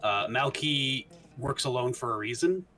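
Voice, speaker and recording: A man's voice: mid-range voice, animated, unhurried, sharp tone, soft background music. A man playing a tabletop game, describing his character's actions in a hesitant way, full of fillers. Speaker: player.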